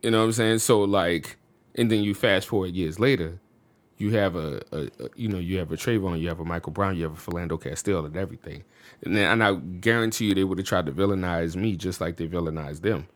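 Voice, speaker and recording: A man's voice: deep voice, fast talker, no echo. A man from the United States, a podcast guest, telling a personal story casually and with animation. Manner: animated, with frequent fillers like "you know what I'm saying".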